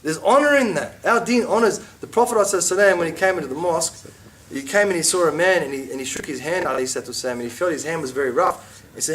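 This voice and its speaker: A middle-aged man teaching an informal religious class, chatty and animated, with asides and mock quotes. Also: on the high side, rapid-fire, hardly any pauses, distant mic.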